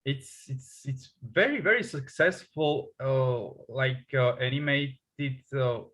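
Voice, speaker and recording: Slow, hesitant man interviewing. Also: medium pitch, fairly bright tone, poor audio. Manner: hesitant, many fillers and restarts, slow. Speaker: English tutor, interviewer. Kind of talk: casual conversation.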